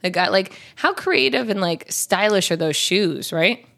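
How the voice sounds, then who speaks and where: A woman's voice: mid-range voice, animated, a little slow, creaky, a bit bright. A woman co-hosting a casual chat podcast, an easygoing storyteller who fills her talk with "like" and "um". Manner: easygoing, chatty storyteller, lots of "like" and "um". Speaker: podcast co-host.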